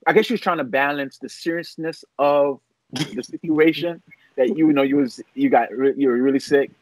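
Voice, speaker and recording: Relaxed middle-aged pastor, mid-pitched. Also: male voice, fairly quick, slight background noise, rough recording. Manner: relaxed, hesitant, lots of restarts and laughs. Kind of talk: casual interview chat.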